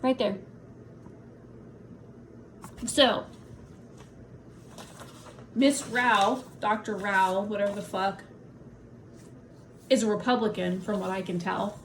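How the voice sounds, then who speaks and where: A woman's voice: mid-range voice, steady tone, takes it slowly, pauses often, slight background noise. A woman vlogger in an angry personal rant to camera, swearing heavily and blunt, upset and in pain from a migraine. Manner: heavy swearing, blunt and indignant.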